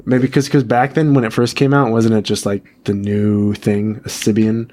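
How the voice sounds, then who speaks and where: A man's voice: fairly low pitch, little pitch movement, moderate pace, darkish tone, a little hiss or hum. A man who is a guest on a podcast, in casual chat, mostly giving short agreeing replies and quips.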